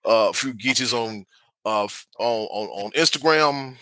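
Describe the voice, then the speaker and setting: A man's voice: mid-range voice, measured pace, pushed and bright, no echo. A man with a South Carolina accent, co-hosting a podcast and telling stories in a laid-back, joking way. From South Carolina, USA. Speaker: podcast co-host. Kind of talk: casual chat.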